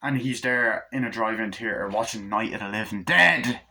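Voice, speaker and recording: Young man, bright voice, casual film review, rambling, swears, acts out scenes. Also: on the low side, moderate pace. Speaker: movie reviewer.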